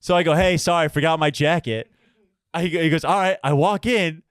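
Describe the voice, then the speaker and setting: A man's voice: a little high, a little fast, clean tone, dry recording, studio quality. A man telling a long story in casual podcast chat, with lots of stammered restarts and swearing. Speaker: podcast co-host.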